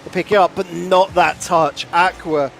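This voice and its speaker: A man commentating a live esports match, quick to exclaim over big plays and replays, on a headset mic. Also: high-pitched, fairly even intonation, creaky, fairly bright tone, soft background music.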